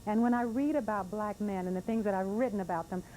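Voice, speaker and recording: A woman speaker reading her own poetry and telling a story to an audience in an earnest, emotional way, drawing out lines slowly. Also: mid-range voice, mellow, slight background noise, rough recording. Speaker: poet and speaker.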